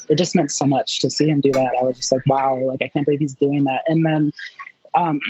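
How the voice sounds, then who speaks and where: A man being interviewed, telling a story in a chatty, animated way and acting out his own reactions in quotes. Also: fairly high pitch, lo-fi sound, a little hiss or hum. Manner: chatty with many fillers and restarts. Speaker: interview guest.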